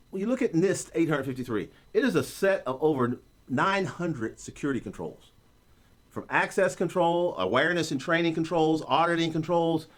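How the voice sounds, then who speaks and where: A man teaching an online course, explaining concepts in a joking, story-driven way. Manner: animated, joking storyteller with a lively pitch. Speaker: course instructor. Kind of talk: recorded online lecture.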